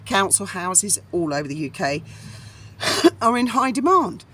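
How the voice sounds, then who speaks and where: A woman's voice: mid-range voice, sing-song, unhurried, a bit bright. A middle-aged woman from England, telling a rambling personal story outdoors. She speaks bluntly and swears casually. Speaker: vlogger. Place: outdoors in a breeze.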